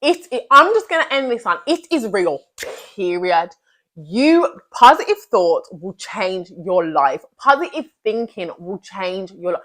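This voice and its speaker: A woman's voice: mid-range voice, big pitch swings, a little slow, a bit bright. A young woman giving an earnest, emphatic motivational talk as a vlogger, repeating her key phrases.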